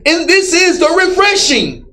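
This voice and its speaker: Man, very high voice, emphatic shouted preaching, repetitive call-and-response. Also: huge pitch swings, a little slow, roomy sound, recorded from a distance, poor audio. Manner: emphatic, repetitive, often shouting, commands a reader to read. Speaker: street preacher teaching scripture. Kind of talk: call-and-response Bible teaching.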